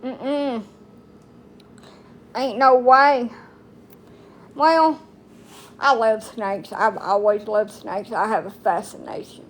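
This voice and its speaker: Woman, 30s, American, unhurried, rambling, blunt, folksy livestream talker. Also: a little high. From United States. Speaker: TikTok streamer. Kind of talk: casual chat to camera.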